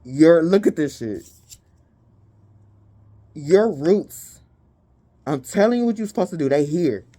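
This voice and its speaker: A woman reading tarot for spiritual guidance has a low, expressive voice and a warm, mellow tone. Blunt and emphatic, she curses without hesitation, and when she lists keywords she takes them slowly and deliberately.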